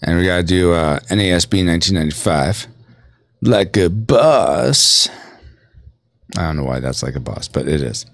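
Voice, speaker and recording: A man's voice: a bass voice, steady tone, fast talker, hardly any pauses, no room sound. A man hosting a gaming livestream, rambling playfully and reading chat aloud. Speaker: streaming host.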